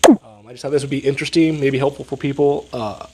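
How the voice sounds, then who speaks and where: A man's voice: mid-range voice, steady tone, quick pace, noisy background. A man with a stuffed-up, sniffly voice gives casual gameplay commentary, explaining each move step by step. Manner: analytical, explaining moves step by step. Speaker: strategy game commentator.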